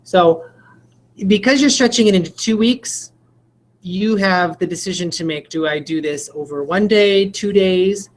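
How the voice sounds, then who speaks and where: A woman's voice: fairly low pitch, unhurried, low-quality recording. A woman walking fellow teachers through a spelling lesson, explaining step by step and sounding out words letter by letter. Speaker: teacher trainer. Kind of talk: casual instructional walkthrough.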